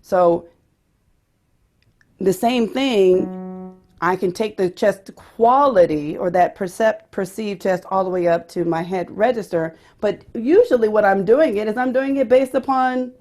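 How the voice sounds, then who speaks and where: A woman's voice: mid-range voice, unhurried, a little mellow, faint music behind. Woman teaching singing, demonstrating voices. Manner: explanatory, demonstrates voices as she talks. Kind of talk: teaching a vocal pedagogy workshop.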